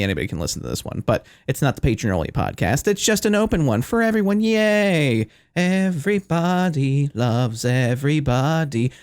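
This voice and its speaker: A man's voice: mid-range voice, dry recording. A young man hosting his own podcast, chatting casually and rambling with playful joking asides. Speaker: podcast host. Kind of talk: casual solo podcast chat.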